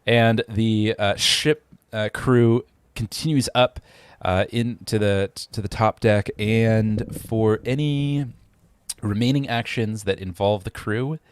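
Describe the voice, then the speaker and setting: Low-voiced man running a tabletop game. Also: slow pace, clean tone, no echo. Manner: hesitant, many fillers and restarts. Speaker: game master.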